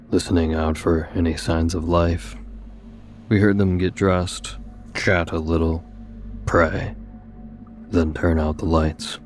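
A man narrating a scripted horror story in a measured, steady storytelling manner. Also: low-pitched.

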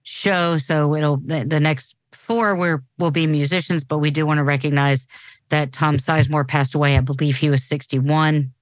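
A woman's voice: low voice, steady tone, normal speed, no echo. A woman in her forties co-hosting a podcast in casual chat, talking loosely with many restarts. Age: 40s. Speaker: podcast co-host.

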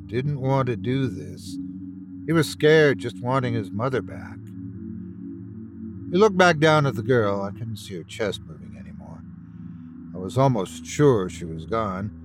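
Man narrating a horror story over music. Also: mid-range voice. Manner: tense, dramatic storytelling. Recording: with background music.

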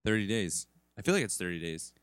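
A man's voice: on the low side, big pitch swings, brisk, no room sound, clean studio sound, voice pushed down. A man playing an earnest ballplayer son. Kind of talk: improvised comedy role-play.

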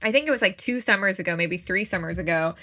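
A woman with a mid-range, bright, forceful voice co-hosting a podcast. She chats casually and leans on fillers, laughing now and then. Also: medium pitch, fast talker. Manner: chatty, filler-heavy, laughs. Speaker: podcast co-host. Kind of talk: casual chat.

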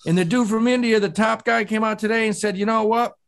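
A man's voice: high-pitched, fairly even intonation, fast talker, gravelly. A man co-hosting a finance talk show, loose, profane and joking. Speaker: co-host. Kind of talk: casual podcast chat.

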